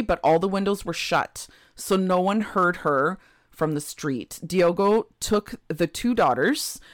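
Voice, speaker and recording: A woman's voice: lowish voice, no room sound, clean studio sound. A woman co-hosting a podcast, telling a true crime case in a casual way with frequent laughs and chatty asides. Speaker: podcast co-host.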